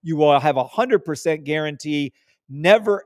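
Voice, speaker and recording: A man's voice: a little high, moderate pace, a little mellow, dry recording, clean studio sound. A man hosting a live trading stream, talking casually and emphatically, repeating words for stress and swearing when riled. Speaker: trading livestream host.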